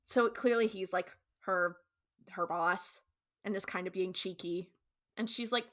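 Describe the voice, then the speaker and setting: A woman's voice: mid-range voice, normal speed, fairly bright tone. A woman with a Californian accent co-hosting a podcast, recapping an episode in a chatty way, laughing often and acting out the characters' lines. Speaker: podcast co-host.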